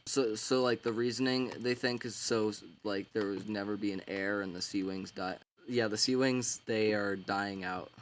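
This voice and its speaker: A man's voice: fairly low pitch, a little hiss or hum. A man casually retelling a book's story in a rambling, slangy way, full of filler words. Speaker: book summarizer.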